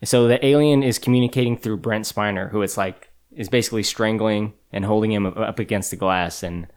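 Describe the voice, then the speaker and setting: A man hosting a casual movie podcast, relaxed and wry, with dry quips. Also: lowish voice, brisk, clean tone. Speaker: podcast host.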